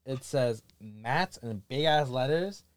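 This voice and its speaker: A man's voice: medium pitch, expressive, slow. A young man hosting a podcast, telling casual stories with lots of profanity and acted-out quotes. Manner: storytelling, profane, acts out quotes. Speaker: podcast host. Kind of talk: casual chat.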